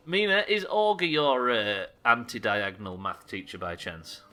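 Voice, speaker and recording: A man's voice: mid-range voice, lively intonation, measured pace, sharp tone. A man streaming a game live, chatting casually and joking with his chat, with frequent swearing. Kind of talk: casual commentary while playing.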